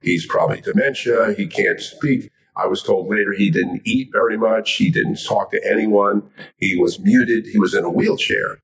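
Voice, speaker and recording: An older man from Miami, a guest telling a story with lively animation. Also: on the low side, normal speed, gravelly, recorded from a distance. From Miami, Florida. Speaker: guest, sports interviewer. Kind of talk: storytelling in a chat.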